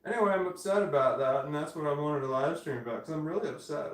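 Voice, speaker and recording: A man's voice: a little high, fast talker. A man in his forties livestreaming from home on a phone, rambling and swearing, often breaking off mid-sentence. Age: 40s. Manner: rambling, swearing, self-interrupting. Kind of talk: casual livestream chat. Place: indoors at home. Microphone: phone camera. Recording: echoey room, off-mic.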